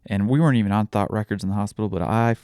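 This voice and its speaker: A young man hosting a podcast, frankly telling a personal story with frequent swearing and halting restarts. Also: on the low side, mellow, smooth, no echo. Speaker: podcast host.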